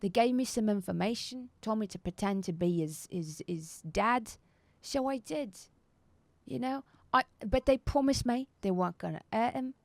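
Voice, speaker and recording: A woman's voice: medium pitch, normal speed, no room sound, pitched above the performer's own voice, natural voice. A woman voicing a nervous, shifty male satyr hired hand in a tabletop game, talking in slangy, pleading rambles. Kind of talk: tabletop role-play.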